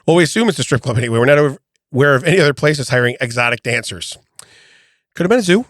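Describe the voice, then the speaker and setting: A man's voice: mid-range voice, quick pace, dry recording, clean studio sound. A middle-aged man co-hosting a comedy podcast, joking and laughing a lot as he chats. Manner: laughs a lot, jokey, animated. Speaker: podcast co-host. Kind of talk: casual comedic chat. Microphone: studio mic.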